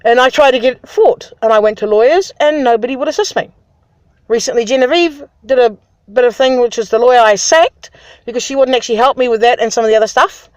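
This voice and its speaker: Indignant high-voiced woman ranting. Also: fast, dry recording, muffled recording. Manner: aggrieved, indignant, swears freely. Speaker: vlogger. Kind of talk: angry personal rant to camera.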